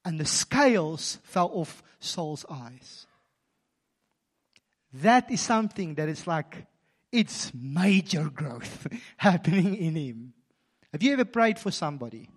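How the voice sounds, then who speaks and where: A man preaching a sermon, telling stories animatedly and swinging from quiet, intimate moments to emphatic passages. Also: fairly high pitch, very animated, slow. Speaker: pastor.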